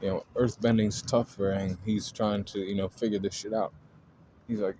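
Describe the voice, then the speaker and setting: A man with a lowish voice retells a story in a loose, rambling manner, padding it with fillers and casual swearing. Road noise from vehicles hums clearly behind him. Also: little pitch movement, moderate pace.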